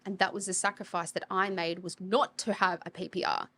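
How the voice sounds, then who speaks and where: Blunt, animated woman. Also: fairly low pitch, brisk, a little hiss or hum. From Australia. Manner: animated, blunt, swears casually. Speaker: property coach. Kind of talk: podcast interview.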